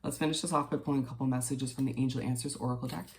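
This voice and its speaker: Gravelly, even-toned man reading tarot. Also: medium pitch, a little hiss or hum. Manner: gentle, reassuring, unhurried with fillers. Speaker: tarot reader. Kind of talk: casual tarot reading to viewers.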